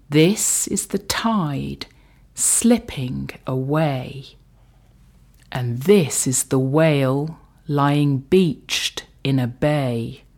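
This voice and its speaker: A woman reading a rhyming picture book aloud, lilting and slipping into soft whispers. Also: deep voice. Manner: slow, lilting, drops to whispers. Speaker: storyteller.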